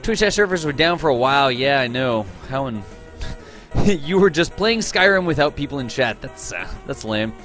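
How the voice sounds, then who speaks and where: A man's voice: mid-range voice, lively intonation, moderate pace, fairly bright tone, faint music behind. A man hosting a live game stream, chatting casually with his viewers, greeting them by name, teasing them and laughing often.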